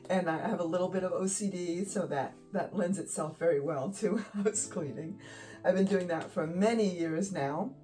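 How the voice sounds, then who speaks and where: A woman's voice: lowish voice, dark tone, recorded from a distance, poor audio. A woman in her fifties hosting her art channel, giggly and effusive, close to tears and laughing often. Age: 50s. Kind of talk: casual vlog chat. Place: home art studio. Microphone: phone.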